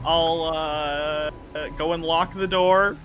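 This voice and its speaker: A man's voice: on the high side, fairly even intonation, fairly bright tone, a little hiss or hum. A man playing in a tabletop game, casually declaring what his character does. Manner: quick, casual, declaring actions. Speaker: player.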